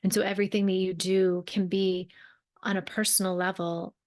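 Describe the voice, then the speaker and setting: A woman's voice: medium pitch, level tone, moderate pace, darkish tone. A young adult woman hosting a solo podcast, speaking earnestly and conversationally, often rephrasing herself and using fillers as she talks. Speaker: podcast host and mentor. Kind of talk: reflective solo podcast talk.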